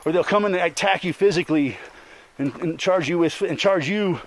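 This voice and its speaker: An angry man rants on and on, full of swearing and tacking "man" onto his sentences. His voice sits slightly high, and he wanders from one grievance to the next in a loose, unscripted monologue. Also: moderate pace. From Colorado. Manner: rambling, profane, angry, repeats "man". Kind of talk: casual monologue rant.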